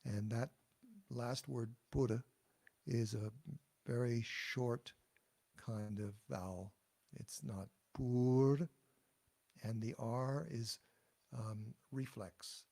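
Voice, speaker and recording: A man leads a pronunciation lesson at a slow, unhurried pace. His voice is gravelly and mellow. He demonstrates each phrase and leaves room for the listener to repeat it. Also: mid-range voice, steady tone. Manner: slow, patient and explanatory, demonstrating words then pausing for repetition. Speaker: teacher. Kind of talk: pronunciation lesson, call and response.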